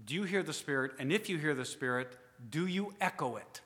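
A man preaching a sermon, asking the congregation rhetorical questions, rising to loud emphasis and then dropping to quiet asides. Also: on the high side, animated, a little fast. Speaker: pastor. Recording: long hall reverb.

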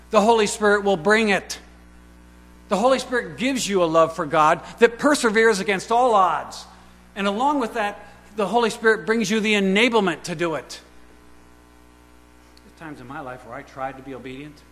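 A man preaching a sermon who fires rhetorical questions at the congregation and swings between quiet asides and loud, emphatic declarations. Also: high-pitched, lively intonation, moderate pace, pauses often. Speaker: pastor. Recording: reverberant hall with faint mains hum.

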